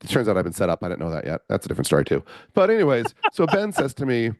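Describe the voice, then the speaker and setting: Male coach guest, middle-aged, low voice, rapid animated storytelling, dry studio sound. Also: no echo. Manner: animated storyteller, acts out quotes. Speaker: podcast guest, men's coach. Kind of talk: storytelling interview.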